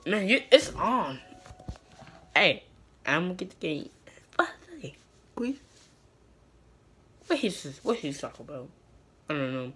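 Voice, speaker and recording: A woman's voice: deep voice, big pitch swings, unhurried, long pauses, bright, forceful tone, slight background noise. A woman performing a brash, profane comedy skit, switching between characters.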